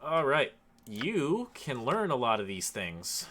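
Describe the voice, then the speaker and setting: A man's voice: mid-range voice, sing-song, takes it slowly, fairly bright tone, slight background noise. A man streaming a video game let's play, giving casual commentary with joking, wry asides.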